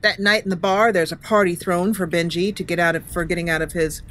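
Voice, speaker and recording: A woman's voice: fairly low pitch, level tone, a little fast, fairly bright tone, soft background music. Woman thinking aloud over gameplay. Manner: thinking aloud, hesitant fillers, chuckling. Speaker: gaming channel host. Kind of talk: casual let's-play commentary.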